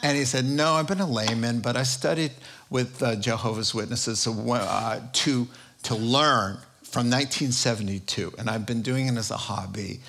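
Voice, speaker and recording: A pastor preaching a sermon, telling a story with frequent laughter. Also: male voice, mid-range voice, moderate pace, a bit bright, a little hiss or hum.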